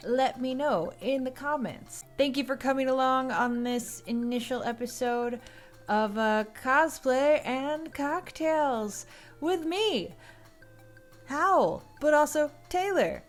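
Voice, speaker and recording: A woman's voice: high voice, expressive, slow pace, soft background music. A woman hosting a cosplay and cocktail video, talking casually with a loose, chatty manner and plenty of fillers.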